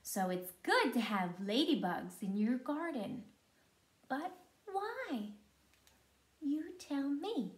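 High sing-song preschool teacher lady, slow and bouncy, echoey room. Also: sing-song. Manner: slow, sing-song and encouraging, clapping out syllables. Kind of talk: teaching young children.

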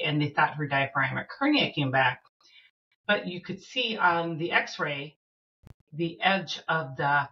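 A middle-aged Minnesota woman, a podcast guest, tells a personal story in an earnest, halting way, with fillers and restarts. Her voice is deep and a bit bright, and the audio sounds dull.

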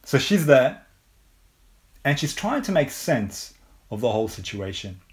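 Slow, measured English preacher man. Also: mid-range voice, sing-song. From England. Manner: measured, unhurried preaching with frequent rhetorical questions. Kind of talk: sermon.

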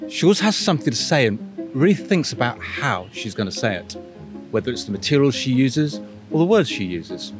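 A man reading a children's picture book aloud with enthusiastic commentary. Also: lowish voice. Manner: lively, enthusiastic, expressive. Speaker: bookshop reader.

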